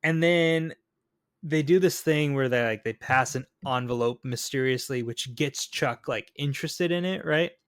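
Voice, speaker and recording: A man's voice: mid-range voice, moderate pace, clear, resonant tone, dry recording, studio quality. A man co-hosting a podcast, chatting casually about a film and acting out its lines. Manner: animated, acts out quotes from the film. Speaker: podcast co-host. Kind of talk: casual chat.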